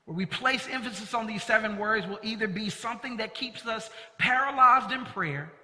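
High, bright-voiced male preacher in a reverberant hall. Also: normal speed. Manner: earnest preaching with emphatic stress on key words. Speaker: pastor. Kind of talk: sermon. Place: church sanctuary. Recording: long reverb of a large hall.

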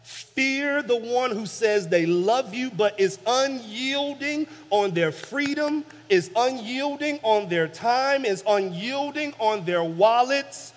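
A man preaching a sermon as pastor, building emphasis through repeated phrases, with swings from soft low passages to loud peaks. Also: lively intonation, slow pace, hardly any pauses. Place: church sanctuary. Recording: long church reverb.

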